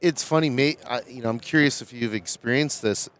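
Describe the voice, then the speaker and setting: A man's voice: medium pitch, brisk, fairly bright tone. Reflective man hosting a podcast. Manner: reflective storyteller, tags with 'right?'. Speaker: podcast host. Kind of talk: casual podcast interview. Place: trade show.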